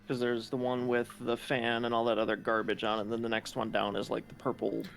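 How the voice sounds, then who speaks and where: A man's voice: mid-range voice, completely flat delivery, quick pace, vocal fry, faint music behind. A man in a tabletop game chatting loosely with the group, with offhand remarks and casual swearing. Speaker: player.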